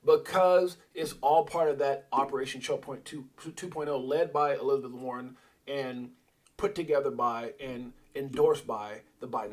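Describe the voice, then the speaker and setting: A man hosting a crypto livestream, ranting casually and animatedly, drifting off on tangents and answering his chat. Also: mid-range voice. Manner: animated, digressive, talks back to the chat.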